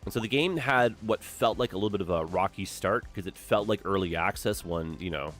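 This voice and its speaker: A man's voice: sits low, a little fast, a bit bright, soft background music. A young man chatting casually while live-streaming a city-building game, upbeat and full of "like" and "eh?".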